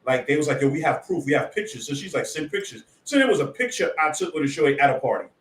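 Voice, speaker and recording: A man co-hosting a radio talk show, telling a relaxed anecdote in casual chat and quoting people as he goes. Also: on the high side, fast, far from the mic. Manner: relaxed storyteller, quotes people. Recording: roomy sound, off-mic.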